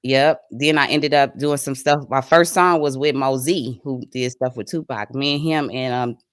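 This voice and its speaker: Laid back guy, guest on a show, quick short answers, dry sound. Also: mid-range voice, steady tone, fairly bright tone, clear, resonant tone, no echo. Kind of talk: casual interview chat.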